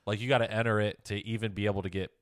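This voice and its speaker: A man's voice: lowish voice, little pitch movement, very fast, no echo, clean studio sound. A man co-hosting a casual sports podcast in a laid-back way, often saying "dude". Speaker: podcast co-host.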